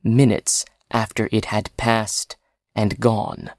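A man reading a story aloud in dramatic narration, phrase by phrase with pauses. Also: fairly low pitch, little pitch movement, darkish tone, dry recording, studio quality.

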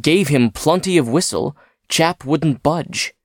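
A gruff old-style train engineer, as a man reads him, clipped and matter-of-fact, dropping words as he talks. Slow and close, in a dry space with no room sound. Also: fairly high pitch, lively intonation, no echo, voice pushed up. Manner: clipped, drops words, colloquial.

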